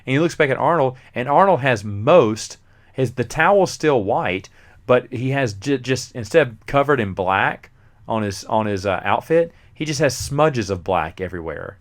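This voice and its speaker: A man hosting a casual movie review show who acts out scenes as he retells them. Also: medium pitch. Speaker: movie review podcast host.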